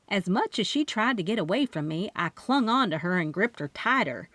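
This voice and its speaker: A woman reading a first-person mystery audiobook with expressive, lively narration. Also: fairly low pitch, normal speed, few pauses, dry recording.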